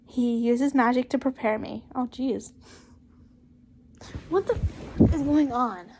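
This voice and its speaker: High-voiced woman reading fan fiction slowly. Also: a little mellow, a little hiss or hum. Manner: breaks off into chatty, giggly asides between read lines. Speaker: fanfiction reader and channel host. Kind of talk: reading fan fiction aloud with casual commentary.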